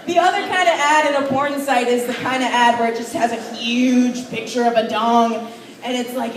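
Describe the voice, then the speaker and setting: Brash high-voiced woman comic in a bar. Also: lively intonation, fairly quick, slight background noise. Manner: brash, crude, playful punchlines. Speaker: stand-up comedian. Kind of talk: stand-up set at an open mic. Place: bar with an open-mic stage. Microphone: far camera recording a stage. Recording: roomy bar sound from far off.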